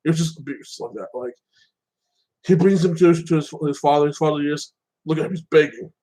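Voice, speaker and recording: A man's voice: a little high, brisk, warm tone, poor audio. A man casually recapping and reviewing a show episode, rambling with lots of fillers and acting out the characters' lines.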